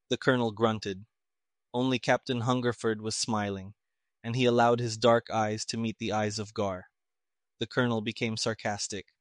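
A man reading a story aloud in measured, even audiobook narration. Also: fairly low pitch, dry recording, clean studio sound.

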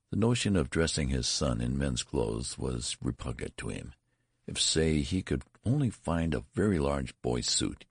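Deep-voiced male audiobook narrator, gravelly and expressive, dry close mic. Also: no room sound. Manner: acts out the dialogue.

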